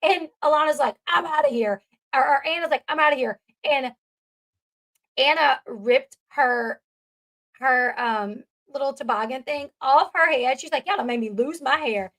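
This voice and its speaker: A woman's voice: high voice, measured pace, a bit bright. A woman recapping a reality show in a chatty, casual way, often laughing at the scenes she retells. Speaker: commentary host.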